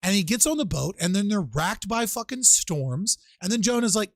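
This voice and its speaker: A man hosting a casual online panel debate, retelling stories in a swearing, animated way and acting out the quotes. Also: high-pitched, brisk, hardly any pauses, no echo. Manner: profane, animated storytelling with mock-quoted voices. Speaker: show host.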